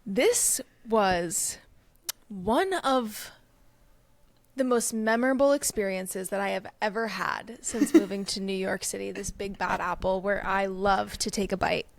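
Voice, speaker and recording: A young woman co-hosting a casual chat podcast, telling a story with lively acted-out quotes. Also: unhurried, creaky. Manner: animated storyteller, acts out quoted people with pitch jumps. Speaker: podcast co-host.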